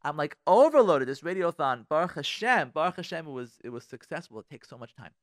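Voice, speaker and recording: A fairly high-pitched man hosts a radio show as a rabbi, talking eagerly and repeating himself as he restarts his sentences. The studio sound is close and dry, no room echo. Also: sing-song, fairly quick. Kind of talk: casual radio talk.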